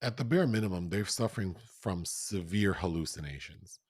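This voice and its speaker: A man co-hosting a casual film review podcast, talking in an animated way with frequent laughter and mock outrage. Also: low voice, moderate pace, husky, dry recording, studio quality. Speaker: podcast co-host.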